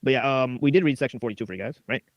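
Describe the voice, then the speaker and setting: A man's voice: medium pitch, very fast, no room sound, highs cut off. A male host of a live stream, reading philosophy texts and commenting on them in a rambling way, tagging nearly every phrase with "right?".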